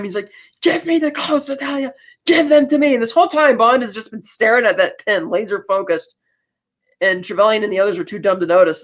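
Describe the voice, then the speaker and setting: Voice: mid-range voice, a bit bright. Chatty podcast host on lo-fi audio. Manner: chatty, loose retelling with quick asides. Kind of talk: casual film recap. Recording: dull lo-fi audio.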